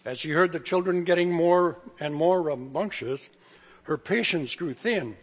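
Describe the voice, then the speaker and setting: A man's voice: on the high side, measured pace, husky, long reverb tail. An older man, a pastor and grandfather, giving a sermon in a folksy, chuckling storytelling manner. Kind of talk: sermon with humorous stories.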